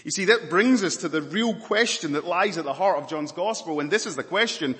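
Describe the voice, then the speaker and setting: A man's voice: fairly high pitch, lively intonation, fairly quick, hardly any pauses, fairly bright tone, long reverb tail. A man preaching a sermon in a dramatic, emphatic manner, stacking up repeated words and lists.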